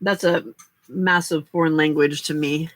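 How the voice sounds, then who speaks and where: A woman's voice: low-pitched, steady tone, unhurried, no room sound. An older woman hosting a casual late-night crafting livestream, chatting to viewers and getting emotional over their kindness. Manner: chatty, emotional, reacting to chat. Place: small home craft room.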